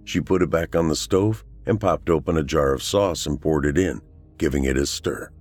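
A man reading a horror story aloud as the show's narrator, in a measured storytelling manner. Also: extremely low pitch, a little mellow, faint music behind.

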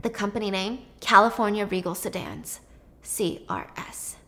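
A woman casually retelling a film plot, animated and chatty with lots of fillers. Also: mid-range voice, normal speed.

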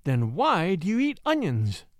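A man's voice: sits high, wildly swooping pitch, a little slow, dry recording, clean studio sound, exaggerated voice. A man voicing a blunt, slangy woman shop girl of about thirty in a storybook reading. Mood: cutting. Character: sharp-tongued 30-year-old woman shop girl.

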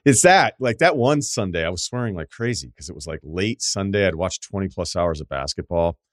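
A man's voice: sits low, animated, a little fast, no room sound, studio quality. A man hosting a podcast advice segment, reading listener letters aloud and answering in a candid, joking way with rambling asides. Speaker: podcast host.

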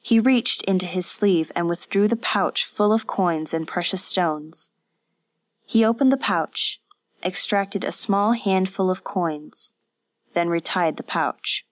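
This is scripted audiobook narration: a woman with a lowish voice tells the story in a measured, level manner, with no room sound around her.

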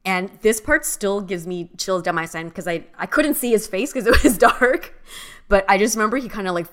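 A young adult woman co-hosting a podcast, telling a personal story in a casual, animated way with many fillers. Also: medium pitch, moderate pace. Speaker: podcast co-host.

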